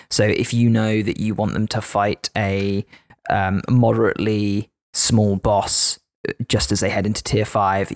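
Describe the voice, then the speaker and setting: A man with a lowish voice chatting on a tabletop gaming podcast. He runs the games and talks in a relaxed, animated way, breaking into little impressions of his players. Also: dry recording, studio quality. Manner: animated, acts out players' lines. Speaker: podcast co-host and game master. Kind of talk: casual podcast chat.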